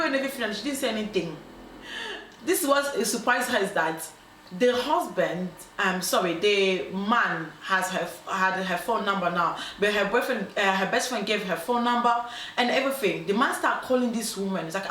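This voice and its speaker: This is a woman hosting, casually recounting a dilemma with animation, acting out what others said and regularly stumbling on "um" before beginning again. Her voice is medium in pitch and her delivery brisk. Faint background noise and a spacious echo color the audio.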